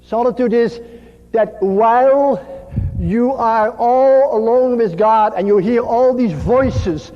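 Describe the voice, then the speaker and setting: A man preaching a sermon slowly and gently, his voice dropping to a soft hush on tender phrases. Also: very high-pitched. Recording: dull lo-fi recording in a reverberant hall.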